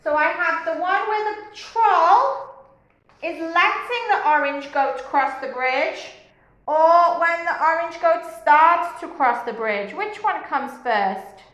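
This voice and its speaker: A woman kindergarten teacher telling a story in an online lesson, slow and sing-song, asking a young child questions. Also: very high voice, fairly bright tone, dull audio. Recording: very echoey room.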